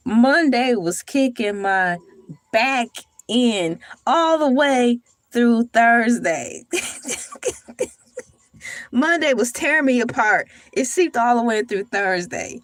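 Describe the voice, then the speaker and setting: A young woman hosting a casual morning livestream, playful and animated as she talks to her chat. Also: a little high, slow pace, no echo. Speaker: livestream host.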